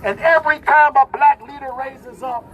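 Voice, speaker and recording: A man's voice: very high-pitched, steady tone, normal speed, dull audio. A man, giving a rally speech at an outdoor protest in call-and-response style. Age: 50s. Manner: preaching call-and-response, shouting to a crowd. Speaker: protest speaker. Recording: loud crowd around the speaker. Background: crowd responding.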